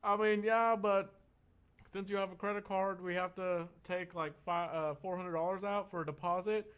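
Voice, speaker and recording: A man's voice: high voice, fairly even intonation, moderate pace, fairly bright tone, smooth, voice pushed up. A man voicing a laid-back teenage male rental clerk with an easygoing surfer-dude drawl.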